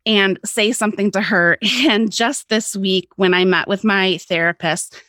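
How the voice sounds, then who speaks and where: A woman's voice: medium pitch, a little slow, a bit bright, no echo, studio quality. A woman guest on a podcast telling a personal story in a candid, casual way, swearing freely and laughing often.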